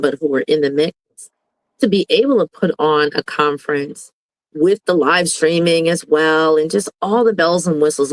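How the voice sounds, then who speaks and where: A woman's voice: low-pitched, no room sound, rough recording. A woman educator from Brooklyn talks as a guest on an online panel. She speaks earnestly and effusively, full of gratitude, in a dry, close recording. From Brooklyn, New York. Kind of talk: casual video call chat.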